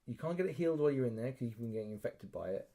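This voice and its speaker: A man's voice: medium pitch, very fast. A man co-hosting a podcast, telling a story in casual chat and acting out the quotes. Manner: animated storyteller, acts out quotes, swears. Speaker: podcast co-host.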